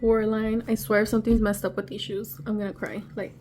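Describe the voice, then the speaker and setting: A woman vlogger unboxing on camera, excitable and gushing, gasping often and sometimes dropping to a breathy whisper. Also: medium pitch, quick pace, noisy background. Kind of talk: casual unboxing vlog.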